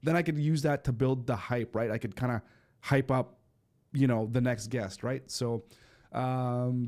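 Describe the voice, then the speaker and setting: A man's voice: medium pitch, steady tone, moderate pace, a little mellow. A man with a stuffy nose hosting a casual livestream, chatting loosely with lots of fillers and restarts. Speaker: livestream host. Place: home studio in eastern Canada.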